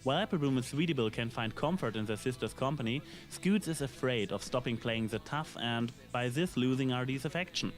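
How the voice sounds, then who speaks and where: A man reading a scripted episode review in a measured, analytical way, with dry asides. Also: mid-range voice. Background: faint background music.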